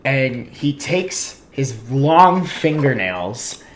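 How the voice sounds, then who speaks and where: A man's voice: mid-range voice, very animated, very slow, a little hiss or hum. A man in casual podcast chat, telling a wry, self-mocking story. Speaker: comedian guest.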